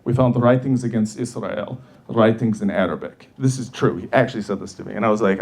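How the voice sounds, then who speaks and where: A man's voice: fairly low pitch, fast, gravelly, darkish tone, slightly rough. A man telling a profane story in a stand-up comedy set, brash and laughing along as he goes.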